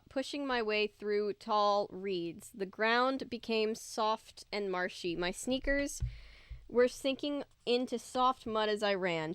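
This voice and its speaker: A woman's voice: a little high, a bit bright, clean tone, no echo. A woman reading a children's horror book aloud in a casual way, breaking off to joke and comment on the story. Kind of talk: casual read-aloud with asides.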